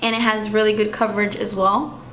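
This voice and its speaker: A young woman walking through a makeup tutorial in a chatty, relaxed way at home. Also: medium pitch, brisk, a little hiss or hum. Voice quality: chatty, relaxed, thinking aloud. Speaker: beauty vlogger. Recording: dull, slightly roomy home recording.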